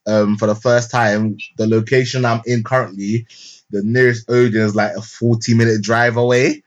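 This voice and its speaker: A man's voice: mid-range voice, flat delivery, normal speed. Rambling slangy young man. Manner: rambling with many fillers and restarts, slangy. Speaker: podcast co-host. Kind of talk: casual chat, film review. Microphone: remote call mic.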